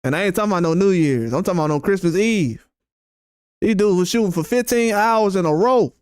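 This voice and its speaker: Heated, high-voiced male streamer ranting. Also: a little fast, a little mellow, smooth, no room sound, studio quality. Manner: profane, blunt and repetitive. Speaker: boxing YouTuber host. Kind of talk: heated live-stream rant.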